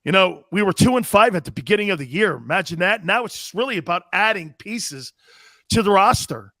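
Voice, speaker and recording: A man doing an impression of a calm, evasive football general manager at a press conference, speaking in smooth, noncommittal phrases. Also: sits high, brisk, no room sound, studio quality, heavily acted. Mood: bland.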